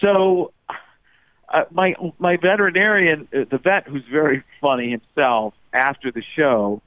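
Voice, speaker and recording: A man's voice: fairly high pitch, a little slow, no echo. A man chatting casually as a guest, telling stories and sliding in and out of impressions. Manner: animated, jumps into voices and impressions. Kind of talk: casual phone-in chat. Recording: tinny phone line.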